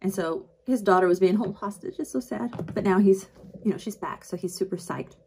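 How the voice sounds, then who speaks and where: A woman's voice: mid-range voice, brisk, darkish tone, slight background noise. A woman chatting casually through a book recap while doing her makeup, filling every line with "like" and acting out quotes. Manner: chatty, filler-heavy, acts out quotes. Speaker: book vlogger.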